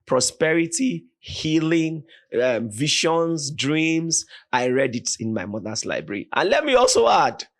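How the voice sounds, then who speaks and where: Nigerian man, podcast guest, dramatic storytelling, somewhat high voice, animated. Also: unhurried, hardly any pauses. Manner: animated, vivid retelling with voiced quotes.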